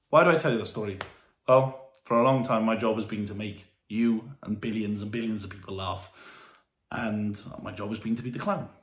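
Male vlogger, earnest and halting, speaking from home in a room with audible echo. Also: lowish voice. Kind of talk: candid talk to camera. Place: warm room indoors at home.

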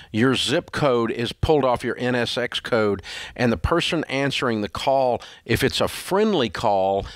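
A man's voice: medium pitch, fairly bright tone, dry recording, clean studio sound. A male radio host giving blunt money advice in an emphatic, scolding, repetitive way. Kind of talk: blunt call-in advice talk.

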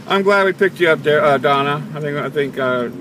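A man casually narrating as he films his friends, playful and chatty like a tour guide, on a handheld camera mic outdoors and in a car. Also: fairly high pitch. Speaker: vlogger filming his friends. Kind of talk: casual narration while filming. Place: outdoors and in a car, near the ocean. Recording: loud wind and vehicle noise.

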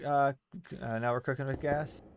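A man's voice: medium pitch, fairly even intonation, normal speed, slight background noise. Easygoing man chatting while gaming. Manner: easygoing, plain-spoken, a little rambling. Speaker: co-op gaming partner. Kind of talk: casual co-op gaming chat.

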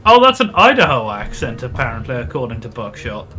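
Brief: a bright-voiced, bantering man co-hosting a game stream, faint music behind. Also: medium pitch, huge pitch swings, a little fast. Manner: joking, self-mocking banter. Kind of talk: casual let's-play chat.

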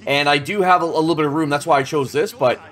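A man's voice: on the high side, fast talker, a bit bright. A man in his thirties streaming a game, chatting casually with chat and swearing as he plays. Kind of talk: casual gameplay commentary.

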